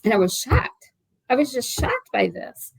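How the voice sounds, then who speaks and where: A woman's voice: on the high side, huge pitch swings, measured pace, vocal fry, breathy edge, no echo, rough recording. Chatty woman in her sixties, dry sound. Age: 60s. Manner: chatty and rambling, with many fillers and restarts. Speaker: author being interviewed. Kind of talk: casual interview chat.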